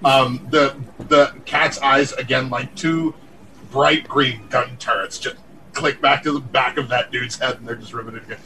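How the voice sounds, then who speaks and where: A man playing a tabletop game, describing a scene in an animated, descriptive way. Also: mid-range voice, a little slow, recorded from a distance, slight background noise, rough recording. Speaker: player.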